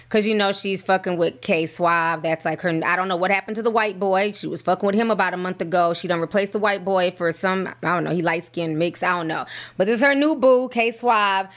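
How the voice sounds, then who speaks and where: A woman's voice: on the low side, fairly quick, a bit bright. A woman hosting celebrity gossip commentary, chatty and blunt, swearing freely. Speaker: commentary channel host.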